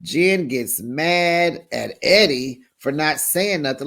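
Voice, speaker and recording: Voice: medium pitch, animated, slow, hardly any pauses, a bit bright. A sassy, gossipy host giving a casual recap of a reality TV episode and talking straight to viewers.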